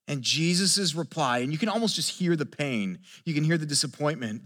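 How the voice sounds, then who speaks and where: High-pitched pastor guy preaching, earnest, throws rhetorical questions at the crowd, stumbles on repeated words. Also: brisk, few pauses, a bit bright. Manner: earnest, repeats words when building a point; asks the listeners rhetorical questions. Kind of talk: sermon.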